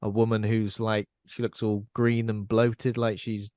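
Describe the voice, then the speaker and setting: A man's voice: fairly low pitch, level tone, a little slow, darkish tone, no echo. Male podcast host, casual film chat, dry close mic. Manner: chatty, asks co-hosts questions.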